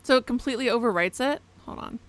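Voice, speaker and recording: A woman's voice: on the high side, quick pace. A young woman giving casual live commentary as she plays a horror game, chatty and prone to exclaiming and swearing. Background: music.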